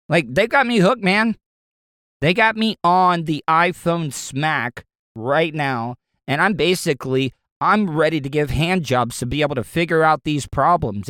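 A man's voice: mid-range voice, a bit bright, clean tone, no echo, clean studio sound. A middle-aged man from Florida, a radio host, ranting casually and profanely, often stumbling and repeating words. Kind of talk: casual solo rant.

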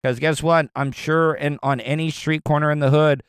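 A man's voice: fairly high pitch, steady tone, normal speed, clean tone, no room sound, clean studio sound. A young man ranting casually with lots of profanity, often stumbling and repeating words as he reacts to news clips. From Florida, US.

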